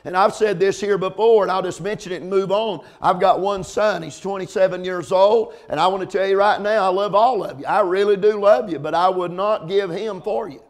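Here a middle-aged man preaches as a pastor in a high voice. Repeated words and regular "amens" fill his sermon, and he slows down to underline points before hitting loud peaks.

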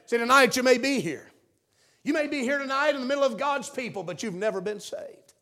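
A man preaching a fervent revival sermon in church, swinging between hushed asides and shouted appeals. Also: very high voice, big pitch swings, normal speed.

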